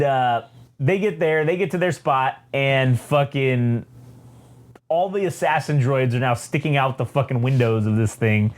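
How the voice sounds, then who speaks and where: Male podcast host, casual, profane, laughs a lot, animated pitch. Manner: profane, laughing, rambling recap. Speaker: comic book podcast host. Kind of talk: casual chat.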